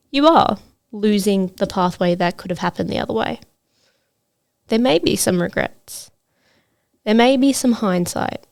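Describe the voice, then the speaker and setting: A woman hosts a solo podcast as a trades coach, speaking in an earnest, motivational way with frequent fillers. Her voice is medium-pitched, creaky, and darkish in tone.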